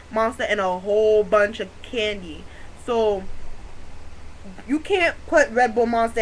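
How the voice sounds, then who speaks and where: A young woman telling a funny story to her camera in casual slang, excitable and often breaking into laughter. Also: fairly high pitch, low-quality recording. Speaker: vlogger.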